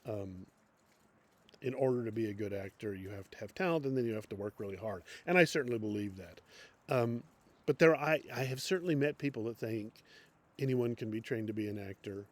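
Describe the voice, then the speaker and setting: A man's voice: fairly low pitch, brisk. A middle-aged man giving an unscripted acting lecture as a teacher, with many fillers and restarts. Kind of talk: classroom lecture.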